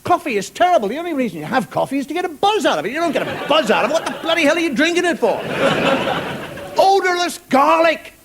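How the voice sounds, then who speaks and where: On a TV studio stage before an audience, a middle-aged Irish man performs a wry, rambling stand-up monologue, mimicking voices and occasionally shouting, in an extremely high-pitched voice. The broadcast recording includes audience laughter and studio noise.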